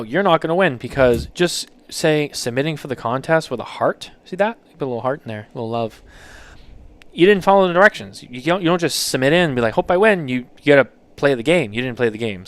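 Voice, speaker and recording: A man at a middle pitch hosts a casual chat, reading listener submissions aloud. He reacts in a loose, joking way and swears freely. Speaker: podcast host.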